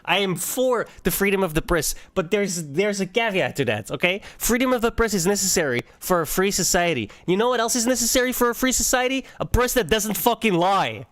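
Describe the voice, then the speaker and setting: A man with a high, animated voice rants angrily through a livestream reaction, swearing freely and breaking into laughs between outbursts. His pitch leaps around as he gets worked up. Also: fairly quick, few pauses. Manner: angry, profane ranting with laughs. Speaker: livestream host reacting to clips. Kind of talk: heated reaction commentary.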